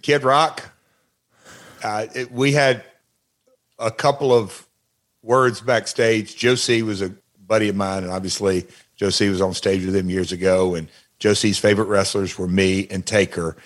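An older man, a retired wrestler and guest, recalling backstage moments in a halting, rambling casual chat. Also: fairly low pitch, fairly even intonation.

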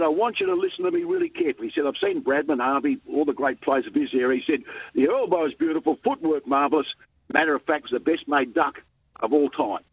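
Animated older Australian man on a tinny line. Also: vocal fry, husky, dry recording. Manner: animated storyteller, lively pitch jumps, chuckles. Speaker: interview guest, former cricket captain. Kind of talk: storytelling in an interview. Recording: dry, tinny phone-like line.

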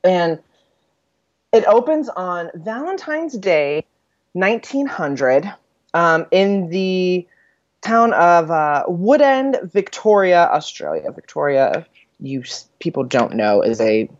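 A woman with a lowish voice co-hosting a chatty podcast, rambling through a story summary with plenty of ums and laughs. Her pitch swings widely as she talks. The recording sounds dull, lo-fi and dry. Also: sing-song, slow pace, dry recording. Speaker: podcast co-host. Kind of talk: casual chat.

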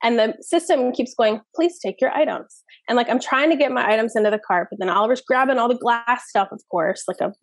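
Animated fairly high-voiced woman, dry sound. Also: fast talker, few pauses, no echo. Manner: animated storytelling, many fillers. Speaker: parenting expert guest. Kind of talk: casual podcast conversation.

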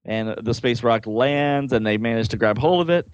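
A man's voice: medium pitch, fairly quick, hardly any pauses, no room sound. A man casually reading comic-book dialogue aloud, adding joking asides and laughing often.

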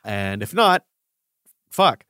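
A man's voice: lowish voice, big pitch swings, drawn-out words, sharp tone, clear, resonant tone, no room sound. Male host, upbeat and loose-mouthed, close dry mic. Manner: upbeat, swearing casually. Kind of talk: casual chat.

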